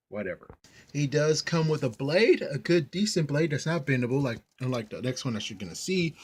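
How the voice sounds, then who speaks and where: A man's voice: mid-range voice, slightly rough. Chatty young man reviewing a toy. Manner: chatty and rambling, many fillers and asides. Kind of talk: casual toy review vlog.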